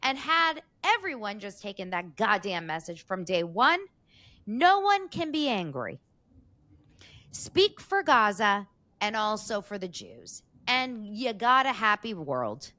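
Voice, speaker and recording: A woman co-hosting a podcast in casual chat, animated and mimicking crowd screams as she tells stories. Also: mid-range voice, takes it slowly, no echo. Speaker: podcast co-host.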